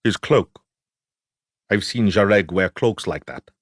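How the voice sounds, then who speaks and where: A male narrator voicing an observant male guard who gives his remarks in a measured, matter-of-fact way. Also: low voice, slightly rough, no echo, studio quality, exaggerated voice.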